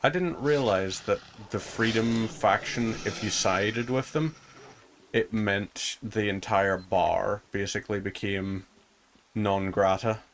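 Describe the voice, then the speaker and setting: A man's voice: fairly low pitch, takes it slowly, a little hiss or hum. A man giving casual commentary while playing a game, chatting to himself as he goes. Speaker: gaming streamer.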